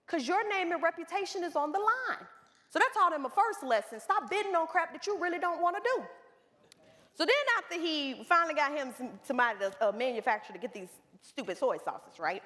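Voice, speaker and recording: A woman business coach giving a seminar talk, telling stories and speaking straight to the audience. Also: sits high. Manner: animated storytelling, addresses the room directly. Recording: reverberant hall.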